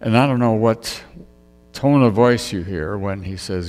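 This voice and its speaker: A low, gravelly male voice speaking very slowly and thoughtfully. He reflects aloud in a relaxed sermon, and his voice trails off into a long hall reverb. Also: soft background music. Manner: reflective storytelling, musing aloud. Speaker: preacher. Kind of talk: conversational sermon.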